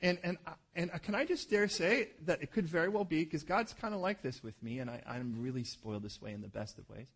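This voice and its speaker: A man's voice: a little high, lively intonation, a little fast, few pauses, husky. A man preaching a sermon in a conversational, humorous way, acting out quoted prayers and voices. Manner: humorous, self-deprecating asides. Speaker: pastor.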